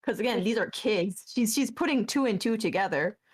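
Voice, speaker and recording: A woman player casually describing what her character does, halting as she goes. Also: medium pitch, lively intonation, breathy edge.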